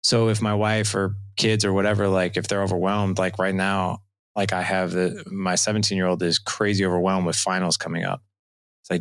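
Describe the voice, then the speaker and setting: Gravelly deep-voiced man telling stories. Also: a little fast, no echo. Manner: animated storytelling, acts out dialogue. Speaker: podcast guest, dad coach. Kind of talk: casual interview talk.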